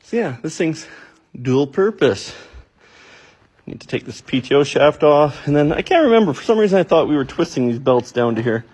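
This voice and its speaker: A man's voice: fairly high pitch, lively intonation, moderate pace, darkish tone, a little hiss or hum. A man, a farmer narrating his own shop project in a dry, muttering, self-deprecating way with offhand swearing. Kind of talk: casual project vlog narration.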